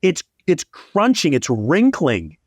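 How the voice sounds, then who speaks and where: Guy doing a mad car owner, yelling, higher pitched, dead dry sound. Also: huge pitch swings, slow pace, no echo, heavily acted. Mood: angry. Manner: exasperated, shouting.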